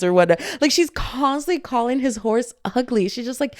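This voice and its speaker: Gushing woman podcaster, lively pitch. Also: brisk, hardly any pauses, dry recording, studio quality. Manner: animated, gushing, laughs often. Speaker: podcast host. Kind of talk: casual book chat.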